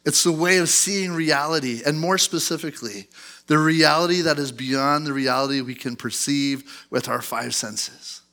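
A male pastor in his thirties preaching a sermon in church, animated and acting out angry outbursts. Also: fairly high pitch, normal speed. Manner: animated, acts out outbursts in a loud put-on voice.

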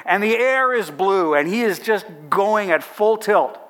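Animated man telling a story. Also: high voice, unhurried. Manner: animated anecdotal storytelling with playful asides. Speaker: chaplaincy organization leader. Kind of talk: storytelling talk to an audience.

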